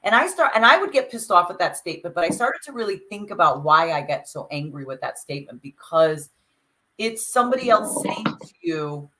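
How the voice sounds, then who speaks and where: A woman's voice: on the low side, animated, normal speed, sharp tone, poor audio. A woman co-hosting a podcast, reflecting aloud and talking things through in a casual chat. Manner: reflective, talks it through with restarts. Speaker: podcast co-host.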